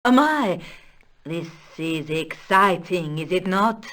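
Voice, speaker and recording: A haughty aging countess with a Spanish accent in a video game. She speaks slowly and grandly in a lowish voice that swoops widely, breaking into commanding shouts. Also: lively intonation. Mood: excited. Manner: stately, slow and theatrical, bursts into shouts.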